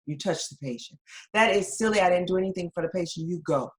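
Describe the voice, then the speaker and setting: A brisk charge nurse, as a woman presenter plays her who speaks in short, firm commands. She sounds no-nonsense and leaves no room for argument. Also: lowish voice, close to an everyday voice. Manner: firm, curt instructions.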